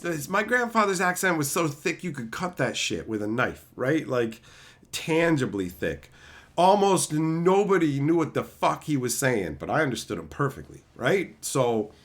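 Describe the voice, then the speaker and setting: A man's voice: mid-range voice, fairly bright tone. A man streaming a casual chat, talkative and swearing often. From Newfoundland, Canada. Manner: chatty, swears a lot.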